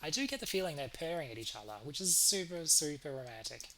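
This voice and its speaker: A man reading the part of an elderly cat, doting and affectionate. The voice sits a little high, with faint clicks in the background. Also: lively intonation, fast talker, creaky, pushed and bright, a little hiss or hum, exaggerated voice, rough recording. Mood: fond. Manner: fond, reads dialogue aloud. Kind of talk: reading game dialogue aloud.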